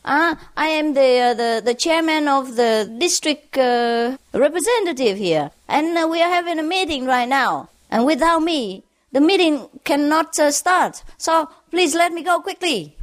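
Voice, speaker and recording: A woman's voice: sits high, animated, a little slow, hardly any pauses, no room sound, voice pushed up. A woman voicing a pushy male driver who insists on his own importance. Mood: pleading.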